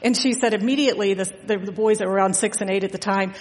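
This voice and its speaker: A woman's voice: medium pitch, fast talker, slight background noise. A middle-aged woman giving an informal Father's Day sermon as guest preacher, chatty and full of fillers as she tells family stories. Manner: chatty and storytelling, frequent fillers and laughs. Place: church sanctuary. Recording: long reverb of a church hall.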